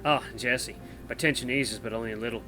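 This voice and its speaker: A man reading and playing a story game aloud, expressive and thinking aloud between choices. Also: medium pitch, brisk, soft background music. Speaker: gameplay narrator.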